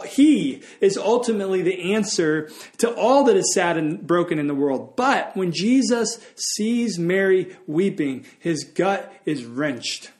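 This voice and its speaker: Man preaching an earnest sermon, pitched high. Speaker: pastor.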